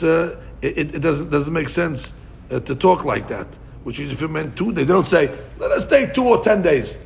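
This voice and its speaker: A man's voice: on the high side, creaky, slight background noise. A man teaching a Talmud class, thinking aloud and restarting often, with Hebrew and Aramaic terms mixed into his English.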